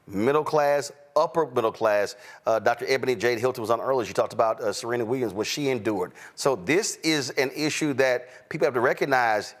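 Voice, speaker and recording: A man's voice: mid-range voice, fairly quick, hardly any pauses. A man hosting a live talk show, speaking conversationally and emphatically, with frequent fillers.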